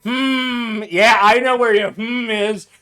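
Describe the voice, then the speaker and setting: A man's voice: on the high side, a little slow, a bit bright, soft background music. A young man chatting casually at his home bar, tipsy, loose and profane, laughing a lot. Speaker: streamer making cocktails. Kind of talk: casual chat.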